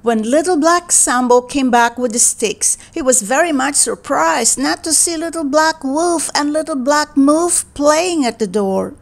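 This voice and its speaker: A woman reading a children's picture book aloud in a gentle, expressive, deliberate way. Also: high voice, gravelly. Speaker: read-aloud narrator.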